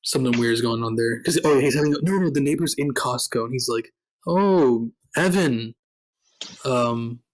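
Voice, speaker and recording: Relaxed man co-hosting a movie podcast. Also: medium pitch, normal speed, slight background noise, poor audio. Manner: relaxed, agreeable chat with short backchannel replies. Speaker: podcast co-host. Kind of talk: casual movie recap chat.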